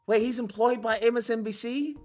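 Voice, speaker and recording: Over faint background music, a man with an extremely high, darkish voice talks fairly quickly. Hosting a call-in stream of casual political commentary, he rants in a blunt, exasperated way and swears heavily.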